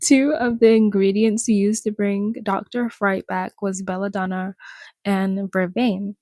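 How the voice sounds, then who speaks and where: A woman's voice: medium pitch, little pitch movement, measured pace, mellow, dry recording. A woman vlogger in casual commentary, reading an article aloud and mocking it, laughing often and talking to her viewers.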